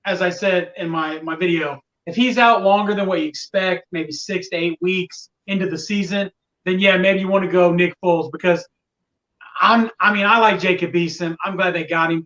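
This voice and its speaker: A man's voice: sits high, steady tone, moderate pace, a bit bright, recorded from a distance, highs cut off. A man talking casually on a sports podcast, venting with exasperation about fickle fans. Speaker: podcast guest, Colts fan.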